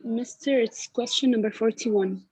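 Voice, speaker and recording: A woman's voice: fairly high pitch, unhurried, a little mellow, slightly rough, no room sound, poor audio. A woman student speaking up politely in an online class.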